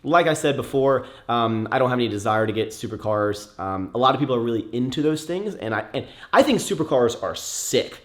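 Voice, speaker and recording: Young male host, casual Q&A, mid-pitched voice, loose and rambling, lots of "um" and "like". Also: lively intonation, brisk, hardly any pauses, a bit bright. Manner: rambling, many fillers and restarts, turns emotional at times. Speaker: YouTuber answering viewer questions. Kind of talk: casual Q&A chat.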